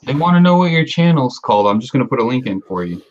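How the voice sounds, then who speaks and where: A man's voice: medium pitch, big pitch swings, fast talker, darkish tone, dull audio. A man teasing his friends playfully on a casual livestream.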